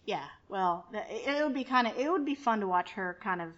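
A woman's voice: medium pitch, expressive, a little fast, a bit bright. A woman hosting a podcast, chatting casually in a brash, joking, profane way. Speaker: podcast host. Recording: dull lo-fi podcast audio.

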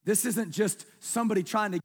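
Male pastor, high husky voice, chatty sermon style with questions to the room and hushed emphasis. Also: brisk. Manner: conversational preaching, asks the congregation questions, drops soft for emphasis. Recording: long reverb of a large hall.

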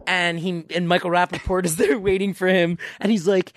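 A man's voice: high voice, little pitch movement, brisk, no room sound, clean studio sound. A man co-hosting a podcast in casual chat, rambling and joking, often trailing off mid-thought. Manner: rambling, jokey, trails off and restarts. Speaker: podcast co-host.

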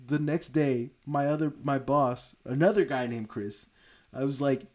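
A young man in a casual podcast chat, telling a long story in a rambling, profane way. His voice sits at an ordinary middle pitch, and he often breaks into laughter. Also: moderate pace, a little mellow.

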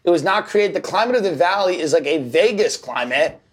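Ranting male comic, high voice, emphatic. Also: expressive, a little fast, a crowd in the background. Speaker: guest comedian. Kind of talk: casual chat.

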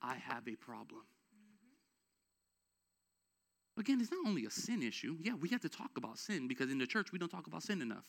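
A man's voice: fairly high pitch, racing, vocal fry, few pauses. A man preaching a sermon as pastor, casual and conversational, building to emphatic exhortation. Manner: energetic, rises to emphatic exhortation.

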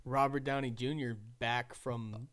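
A man's voice: medium pitch, fairly even intonation, measured pace, a bit bright. A man co-hosting a podcast in casual chat, laid-back and calling his friend "bro". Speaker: podcast co-host.

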